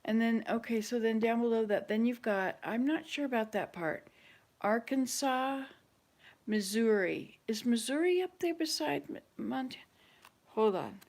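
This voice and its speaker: A woman's voice: fairly high pitch, measured pace, darkish tone. A woman hosting a casual chat with online viewers, thinking aloud and hesitating as she searches her memory. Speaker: channel host.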